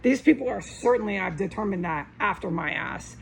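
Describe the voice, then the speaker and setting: A woman rants into her camera from indoors, agitated and swearing hard. Her voice carries a rough, gravelly fry, pitched in an ordinary middle range. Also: expressive, fairly quick, slight background noise, low-quality recording. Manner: agitated, ranting, heavy swearing. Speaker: vlogger. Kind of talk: angry rambling monologue to camera. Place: indoors at home.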